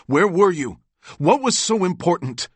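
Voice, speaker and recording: A man playing an angry, demanding older brother in a storybook reading. The voice is deep and dry, right at the mic. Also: moderate pace, a bit bright, dry recording. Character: anxious, hot-tempered teenage older brother. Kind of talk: audiobook reading.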